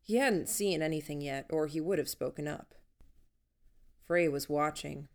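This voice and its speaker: A woman reading a first-person story aloud in an even, measured storytelling manner. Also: deep voice. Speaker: audiobook narrator. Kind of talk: first-person audiobook narration.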